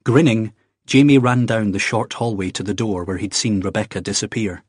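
A male narrator reads the story in a steady, even way. His voice is low and husky, and the recording is dry and close with no room sound. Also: moderate pace, no echo. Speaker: audiobook narrator. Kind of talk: scripted narration.

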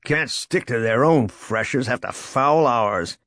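A man voicing a gruff, short-tempered male smuggler who growls and deadpans. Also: mid-range voice, sing-song, fairly quick, dry recording, studio quality, pitched above the performer's own voice. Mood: grumpy.

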